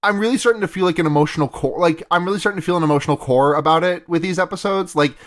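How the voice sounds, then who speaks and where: A man's voice: on the high side, racing. A man co-hosting a podcast, chatting casually about anime, rambling and laughing often. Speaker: podcast co-host.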